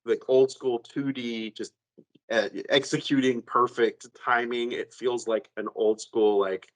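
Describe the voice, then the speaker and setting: A man on a podcast, retelling a video game ending in an animated, rambling way with lots of fillers and some cursing. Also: mid-range voice, unhurried, low-quality recording. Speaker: podcast co-host. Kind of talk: casual chat.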